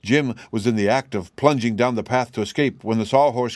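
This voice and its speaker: A man reading a children's storybook aloud in steady, measured narration. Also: medium pitch, no room sound, clean studio sound. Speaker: audiobook reader. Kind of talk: scripted narration.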